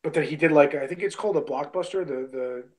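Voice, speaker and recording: Young man, slightly higher voice, casual storytelling, lots of "like" and "bro". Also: fast talker, poor audio. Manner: loose and chatty, heavy on "like", "bro" and "you know what I mean". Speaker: guest, independent wrestler.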